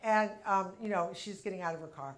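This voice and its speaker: A woman in her fifties does a punchy stand-up routine in a comedy club, speaking fairly quickly in a mid-range voice. She's brash and works the crowd while the audience laughs in the background.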